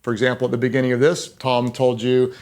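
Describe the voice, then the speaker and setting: A man's voice: medium pitch, completely flat delivery, quick pace, darkish tone. Emphatic, conversational male pastor speaker. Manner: emphatic, repeats key words for stress; conversational and self-deprecating asides. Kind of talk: leadership talk to church and business leaders.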